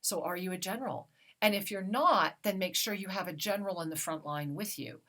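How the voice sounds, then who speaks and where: A woman hosting a spiritual talk radio show, speaking slowly and soothingly as she offers guidance to listeners. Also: mid-range voice, fairly bright tone. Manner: slow, soothing, affirming.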